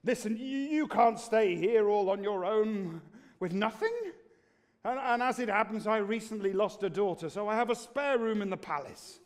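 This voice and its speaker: Man doing a fussy pompous storybook king, high and blustering, British English accent. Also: normal speed, lightly acted. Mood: pleading. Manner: blustering, pleading. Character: volatile middle-aged king, pompous and fussing.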